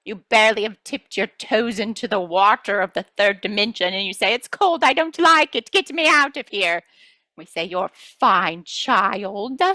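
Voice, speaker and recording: In a channeling session, a woman voices a playful collective of star beings who tease and reassure listeners, gently scolding them and calling them children. Her mid-range voice is expressive and a little slow, with no room sound.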